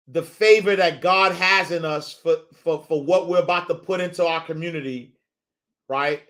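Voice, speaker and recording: A man hosting a motivational faith talk. He speaks in animated, repetitive, preacher-like build-ups, uses street slang and calls his listeners y'all. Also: on the high side, normal speed. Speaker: host.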